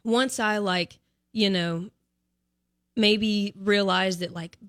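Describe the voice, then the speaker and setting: A woman's voice: mid-range voice, steady tone, slow pace, fairly bright tone, no room sound. Young woman, radio guest, chatty storyteller, dry booth mic. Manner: chatty storyteller, frequent "like" fillers. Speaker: guest soccer analyst. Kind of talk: casual radio chat.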